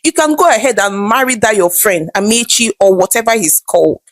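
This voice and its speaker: A woman's voice: medium pitch, brisk, no echo, natural voice. Woman reading as an angry young wife. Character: young wife, bitter and fed up.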